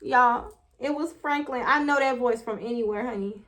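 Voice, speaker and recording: High bright-voiced woman telling a story. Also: a little fast. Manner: animated, laughs often, talks straight to viewers. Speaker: storyteller vlogger. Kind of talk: casual storytime while doing makeup.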